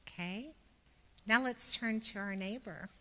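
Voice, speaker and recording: Slow-preaching woman in a church hall. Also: mid-range voice. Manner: slow, gentle preaching that turns loud and exuberant when leading the congregation. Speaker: speaker giving a Sunday talk. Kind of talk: sermon. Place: church sanctuary.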